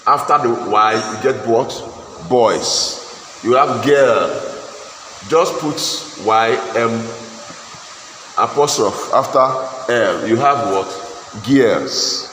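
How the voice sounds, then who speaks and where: Slow echoey teacher drilling grammar. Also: male voice, mid-range voice, fairly bright tone. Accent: Nigerian English. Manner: asks the class questions and answers them himself, repeats words and restarts. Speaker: English teacher. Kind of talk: classroom grammar lesson. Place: classroom. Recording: echoey classroom with faint noise.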